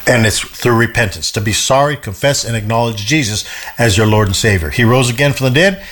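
A man's voice: medium pitch, a little fast. Emphatic man teaching a Bible study. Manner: emphatic, repeats words, animated retelling with voiced quotes.

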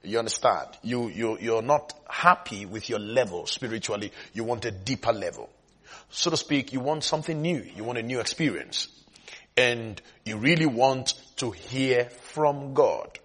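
A man's voice: mid-range voice, normal speed, husky. A man preaching a sermon at a Bible school, emphatic, repeating phrases and often asking whether the listeners follow.

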